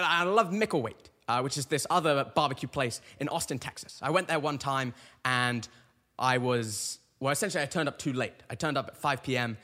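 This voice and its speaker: A young man in his twenties hosting a podcast, telling a casual, rambling story with lots of restarts. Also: medium pitch. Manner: animated, rambling with frequent restarts. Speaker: podcast host. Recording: long reverberant echo.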